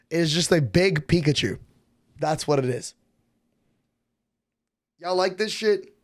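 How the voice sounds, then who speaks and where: A man's voice: fairly high pitch, expressive, slow pace, no room sound. A young man streaming, telling a rambling, profane story to his chat with lots of restarts and fillers.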